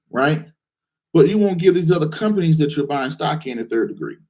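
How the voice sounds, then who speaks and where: A man hosting a live investing call-in show, answering viewers' questions in a direct, challenging way with lots of rhetorical questions. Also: brisk. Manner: animated, acts out excited investors in a higher voice.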